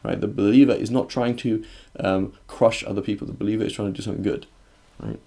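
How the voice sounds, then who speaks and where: Man with a low, gravelly teaching voice. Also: fairly even intonation, quick pace, warm tone. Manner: conversational, often checks in with "right?"; reads Arabic text, then translates and explains it. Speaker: Islamic teacher. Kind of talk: explanatory religious lesson.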